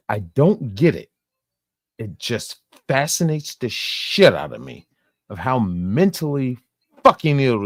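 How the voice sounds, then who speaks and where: Low-ish guy streaming, slow and rambly, swears a lot, dry close sound. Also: dry recording. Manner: profane, rambling, laughs often. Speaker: live stream host. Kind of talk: casual reaction stream.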